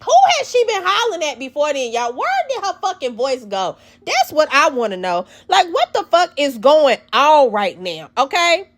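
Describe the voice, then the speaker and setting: A woman recapping a reality show in blunt, profane, animated casual talk. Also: high-pitched, moderate pace, hardly any pauses.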